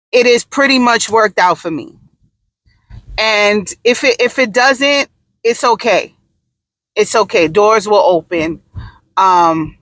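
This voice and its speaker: A woman's voice: a little high, sharp tone, no room sound, low-quality recording. A woman, talking casually in a personal vlog, rambling and repeating herself with many restarts. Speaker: vlogger.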